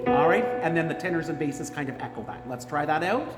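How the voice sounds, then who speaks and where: A woman's voice: sits low, animated, fairly quick. A woman choir director leading a rehearsal, singing each part to demonstrate it and then explaining it. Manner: sings parts to demonstrate, then explains them. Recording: roomy hall with long reverb, loud music.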